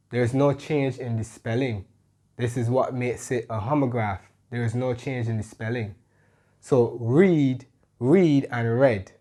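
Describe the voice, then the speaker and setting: Slow, patient man teaching English. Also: medium pitch, darkish tone. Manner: slow, explains patiently, keeps checking with "right?". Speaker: English tutor. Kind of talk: online grammar lesson.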